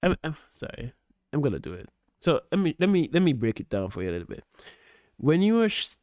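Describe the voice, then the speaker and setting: A man's voice: mid-range voice, big pitch swings, brisk, dark tone, no room sound, studio quality. A man streaming his reaction to a video, explaining his view patiently and often restarting and repeating words. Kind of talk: casual reaction commentary.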